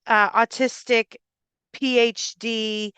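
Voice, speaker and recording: A middle-aged woman with an Irish accent, a speech and language therapist giving a live talk to parents and educators, explaining clearly with frequent fillers and restarts. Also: a little high, little pitch movement, slow, fairly bright tone, no room sound, lo-fi sound. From Ireland. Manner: acts out example phrases in a lifted voice.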